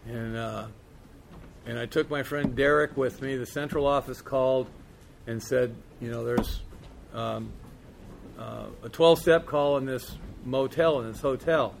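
A man's voice: mid-range voice, steady tone, a little slow, gravelly. Man, middle-aged, candid rambling storyteller, plain mid voice, faint room hum. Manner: candid, rambling, peppered with "man" and "you know". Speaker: recovery speaker sharing his story. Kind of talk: storytelling talk.

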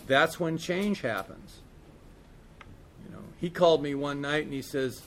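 A man's voice: a little high, a little slow, pauses often, a little hiss or hum. Candid middle-aged man telling a story. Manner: candid, rambling, peppered with "man" and "you know". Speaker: recovery speaker sharing his story. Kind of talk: storytelling talk.

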